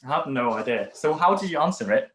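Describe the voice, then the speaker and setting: A man's voice: medium pitch, lively intonation, fairly bright tone, rough recording. Teasing, coaching man on a video call. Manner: teasing, quick to laugh, coaching tone. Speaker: webinar host. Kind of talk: casual online webinar talk.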